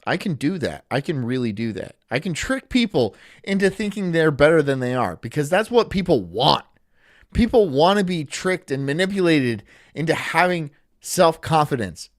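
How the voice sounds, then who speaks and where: A man's voice: fairly high pitch, very animated, normal speed, dry recording, studio quality. A man streaming and reacting casually, rambling in a sarcastic way and laughing often.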